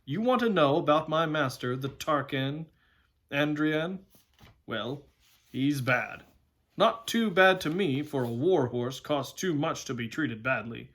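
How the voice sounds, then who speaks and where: A man's voice: on the high side, expressive, a bit bright, heavily acted. A man doing a proud talking war horse. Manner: lofty, brisk, scornful of humans. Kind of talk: storybook read-aloud.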